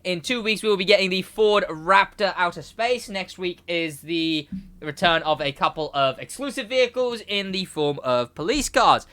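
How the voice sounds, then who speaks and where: A young man co-hosting a casual podcast, rambling and animated, laughing often. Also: sits high, moderate pace, smooth. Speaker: podcast co-host, gaming segment host.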